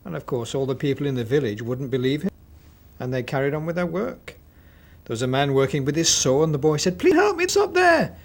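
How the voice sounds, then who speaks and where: A man narrating a children's story expressively, with dramatic pauses. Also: mid-range voice, steady tone, a little mellow.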